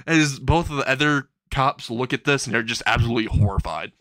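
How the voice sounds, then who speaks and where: A man's voice: mid-range voice, fairly quick, a bit bright, no echo. A man improvising a comedic fan story, narrating in a rambling way and chuckling between lines.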